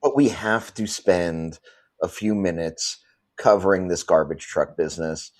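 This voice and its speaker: Low-voiced male podcast host, halting. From New York. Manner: halting, repeats words when starting. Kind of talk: casual interview.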